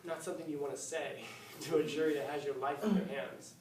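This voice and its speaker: A male teacher telling a story in a casual, joking lecture, with slang and quick asides. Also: fairly high pitch, steady tone, darkish tone. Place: classroom. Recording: echoey classroom, far mic, faint hiss.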